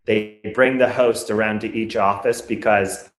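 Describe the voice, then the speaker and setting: A man's voice: lowish voice, fairly even intonation. Guy rambling thru funny stories, keeps restarting sentences, roomy echo. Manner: rambling anecdotes with quick self-corrections. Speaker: podcast guest, comedy writer. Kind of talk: casual chat.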